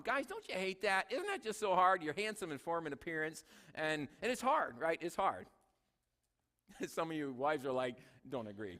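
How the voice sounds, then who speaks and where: Man, pastor, sermon, high voice, joking asides, long church reverb. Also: pushed and bright. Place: church sanctuary.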